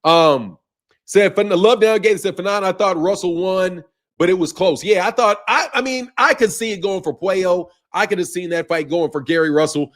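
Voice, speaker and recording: A man's voice: high-pitched, moderate pace. A man hosting a boxing live stream, reading chat aloud in a rambling, profane way and laughing often. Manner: animated and rambling, laughs often, swears freely.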